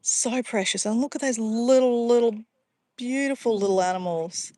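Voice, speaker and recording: A woman's voice: on the high side, normal speed, mellow, no room sound, studio quality. An Australian woman chatting casually to livestream viewers outdoors by a pond, easily sidetracked and calling her viewers guys. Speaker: livestream vlogger.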